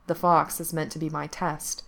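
A woman reading as a solemn young prince, kind yet weighed down by duty. His speech is measured and grave, in a slightly low voice, from a storybook tale. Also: level tone, creaky, fairly bright tone.

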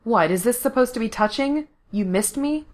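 A woman's voice: a little high, lively intonation, normal speed, voice pushed up, natural voice. A woman voicing a defiant young man who snaps his words out in a raised voice. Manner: snapping, raised and tense. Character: defiant young man, sharp-tongued and scared.

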